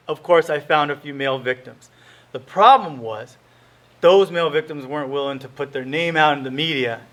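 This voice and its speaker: A man's voice: on the high side, fairly bright tone. A middle-aged man from California, a lawyer giving an earnest lecture-style talk with slides, often restarting and correcting himself.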